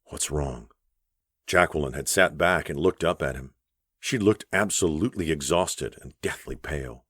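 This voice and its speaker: A man narrating an audiobook in a measured, even storytelling voice on a close studio mic. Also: very deep voice, slightly rough, dry recording. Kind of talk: scripted narration.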